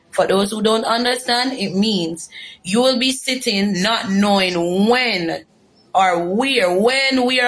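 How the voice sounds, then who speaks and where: A young Jamaican woman giving an earnest, emotional personal testimony, repeating herself for emphasis. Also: mid-range voice. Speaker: former detainee telling her story.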